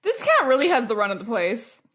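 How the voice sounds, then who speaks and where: A woman co-hosting a podcast in casual chat, dropping dry, quick remarks. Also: on the high side, huge pitch swings, a bit bright. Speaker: podcast co-host.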